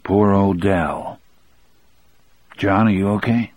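A man voicing a gentle, grieving giant of a male prisoner with a low, hoarse voice. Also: no echo. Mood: sorrowful. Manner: slow, simple, sorrowful.

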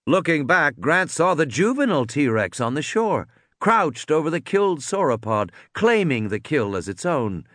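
A man narrating a story aloud, expressive, doing voices for the characters. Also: on the high side, normal speed, no echo, studio quality. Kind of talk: audiobook reading.

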